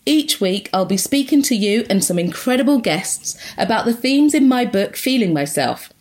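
A woman's voice: on the high side, animated, normal speed, a little mellow. A woman hosting a podcast, introducing her show and chatting with her guest in a playful, giggly way. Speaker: podcast host. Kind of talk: casual interview.

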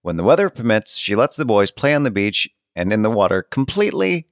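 A man co-hosting a podcast with a fairly low voice that moves up and down a lot. He reads old letters aloud and drops wry asides in a laid-back way. The recording is close and dry. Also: big pitch swings, a little fast, dry recording. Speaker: podcast co-host. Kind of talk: casual chat and reading old letters aloud.

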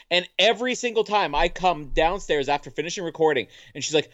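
Laughing man with a lively voice. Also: sits high, brisk, hardly any pauses, no echo, highs cut off. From Canada. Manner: laughs often, animated storytelling. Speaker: podcast co-host. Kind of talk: casual chat.

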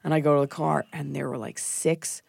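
Gravelly-voiced woman, blunt and profane. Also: low voice, normal speed, dry recording, clean studio sound. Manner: blunt, profane, animated storytelling. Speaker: comedian and podcast co-host. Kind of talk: casual chat.

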